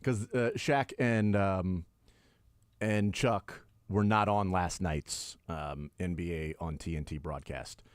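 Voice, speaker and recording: A man hosting a sports radio show, chatting casually and retelling stories with lively energy. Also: slow, clear, resonant tone, no room sound. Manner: animated storyteller, acts out quotes with big pitch jumps.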